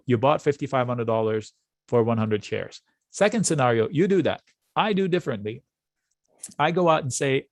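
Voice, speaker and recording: A man teaching options trading in a live session, lively and full of rhetorical questions and quick asides. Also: medium pitch, no room sound, clean studio sound.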